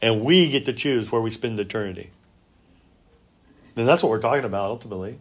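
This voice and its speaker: Male pastor, conversational sermon delivery, punchy emphasis and soft asides. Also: fairly low pitch, brisk. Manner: conversational, many fillers and restarts.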